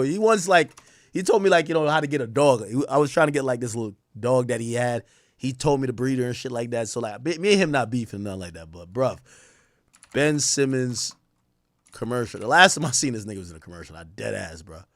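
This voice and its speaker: A young male streamer, loud and animated, recorded in clean studio quality with no room sound. He trash-talks loudly and profanely, his pitch and volume leaping without warning, as he casually reacts to chat and posts on a live stream.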